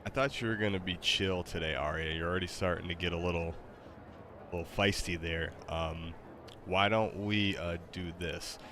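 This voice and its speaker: A very deep-voiced man chats casually on a livestream, rambling with plenty of fillers and restarts and laughing easily. His mic picks up clear background noise. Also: fairly even intonation, normal speed. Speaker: game streamer.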